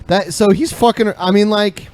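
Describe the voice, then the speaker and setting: A man's voice: high-pitched, fairly even intonation, moderate pace, a little mellow. A man in casual chat with friends, musing and hesitating as he works out what a clip shows. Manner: musing, hesitant, thinking aloud. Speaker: podcast co-host. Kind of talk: casual chat reacting to clips.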